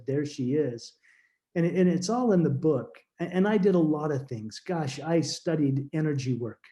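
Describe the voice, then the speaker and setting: Man, middle-aged, podcast guest, earnest, halting restarts, warm mellow tone. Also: fairly high pitch. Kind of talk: emotional personal storytelling.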